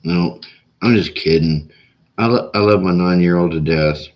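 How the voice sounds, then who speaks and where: A man's voice: low-pitched, moderate pace, highs cut off. A man hosting a livestream, chatting casually and rambling with lots of "like" and restarts. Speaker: livestream host. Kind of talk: casual chat.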